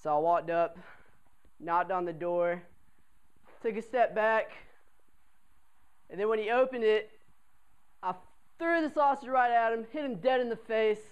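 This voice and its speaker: A young man with a fairly high voice tells a funny story to a crowd of classmates. He talks in a lively, chatty way and keeps checking in with his listeners. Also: measured pace, pauses often, clean tone, dull audio. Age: young adult. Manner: animated, chatty, asks the crowd for replies. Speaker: college cadet telling a story. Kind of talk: comic storytelling to an audience.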